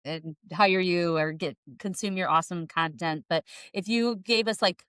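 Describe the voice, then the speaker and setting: A woman in her forties hosting a podcast interview, effusive and quick to laugh. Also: lowish voice, clear, resonant tone, no room sound. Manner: warm-hearted, effusive, laughs easily. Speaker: podcast host.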